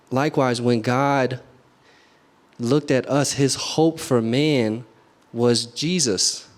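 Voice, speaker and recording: Earnest young man giving a youth sermon. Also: mid-range voice. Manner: earnest, asks the room questions often; casual, many "like" fillers. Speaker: youth speaker. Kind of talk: short youth group sermon.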